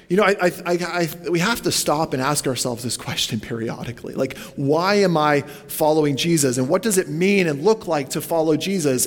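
Man pastor, slightly high voice, chatty sermon, long church echo. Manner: conversational, asks the congregation questions, goes off on tangents.

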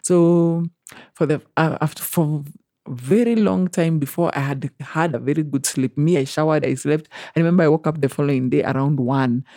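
A young Kenyan woman recounting a personal story in an interview, animated and acting out other people's voices, slipping into Swahili phrases. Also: deep voice, normal speed, dry recording, studio quality. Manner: animated, acts out quoted voices, mixes in Swahili. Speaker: interview guest.

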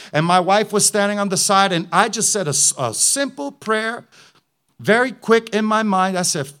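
A male pastor preaches his testimony in a high, sharp voice. He tells the story with passion and climbs into fervent declarations. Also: expressive, moderate pace, clean tone.

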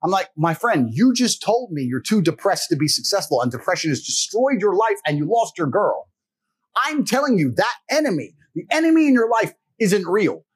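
Husky, lively-voiced man lecturing bluntly. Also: sits high, moderate pace. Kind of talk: forceful monologue.

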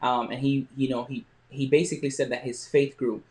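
Man, podcast host, motivational storytelling, halting delivery, frequent restarts, mid-range voice. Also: medium pitch, little pitch movement, darkish tone.

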